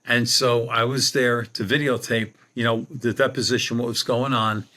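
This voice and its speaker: A man's voice: medium pitch, level tone, moderate pace, sharp tone. An older man, a podcast guest telling a rambling anecdote with many restarts. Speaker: guest, psychic medium. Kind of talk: storytelling in a podcast interview.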